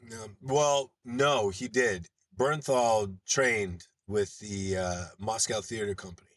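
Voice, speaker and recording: Husky-voiced man telling rambling stories. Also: lowish voice, takes it slowly, dry recording, studio quality. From Los Angeles, United States. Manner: rambling anecdotal storyteller who swears freely. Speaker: guest, screenwriter and producer. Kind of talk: casual podcast conversation.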